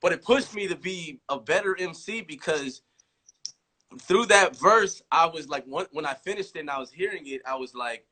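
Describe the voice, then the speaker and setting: A man's voice: a little high, lively intonation, moderate pace, sharp tone. A man from California, in his thirties, chatting casually on a livestream, rambling and restarting, acting out quoted lines. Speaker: rapper talking on a livestream.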